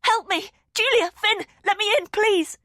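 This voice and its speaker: A woman's voice: fairly high pitch, very animated, normal speed, fairly bright tone, breathy edge, dry recording, studio quality, pitched above the performer's own voice, heavily acted. Woman doing a frantic, breathless young woman. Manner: breathless and urgent.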